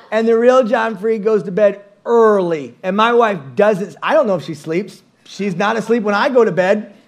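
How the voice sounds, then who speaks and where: A middle-aged man, a pastor telling stories in a sermon, animated and self-mocking, acting out voices and sounds. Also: high-pitched. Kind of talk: storytelling sermon. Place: church stage.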